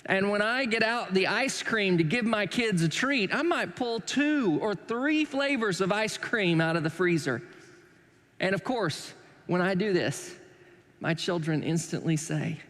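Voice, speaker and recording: A man's voice: high-pitched, animated, normal speed, fairly bright tone, long reverb tail. A man preaching a sermon as pastor, conversational and joking, with self-deprecating asides. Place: church sanctuary.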